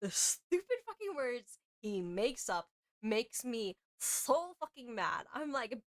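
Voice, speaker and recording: A woman's voice: on the high side, very animated, takes it slowly, no room sound. A young adult woman streaming a game live, ranting profanely at a character.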